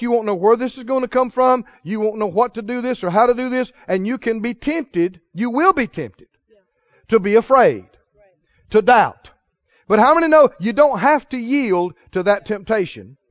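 A man's voice: very high voice, no echo, muffled recording. A man preaching a sermon, asking the congregation questions and repeating answers for them to call back. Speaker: pastor.

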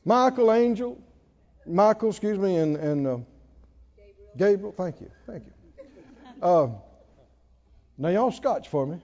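Animated preaching man, high lively voice. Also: a little slow, long pauses, muffled recording. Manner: animated preaching, rising to near-shouts and dropping to hushed tones; laughs between lines. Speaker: pastor. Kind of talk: sermon.

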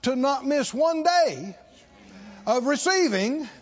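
A man's voice: very high-pitched, animated, slow, lo-fi sound. A man preaching a sermon to a church congregation, leading call-and-response and stretching out repeated phrases for emphasis. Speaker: pastor.

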